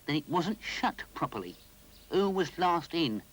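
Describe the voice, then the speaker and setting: A man doing a gruff scolding train guard. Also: on the high side, very animated, unhurried, fairly bright tone, pitched above the performer's own voice, heavily acted, rough recording.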